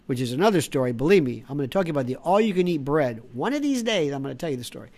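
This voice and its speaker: A middle-aged woman hosting an opinionated monologue, sarcastic and animated, mocking others with put-on indignant voices. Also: deep voice, racing, hardly any pauses. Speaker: podcast host.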